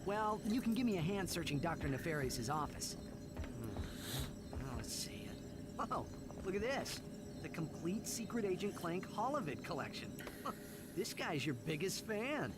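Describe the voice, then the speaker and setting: Young cocky hero, casual, wry, animated, game audio with heavy noise. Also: male voice, on the high side, unhurried, over loud music. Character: young male hero mechanic.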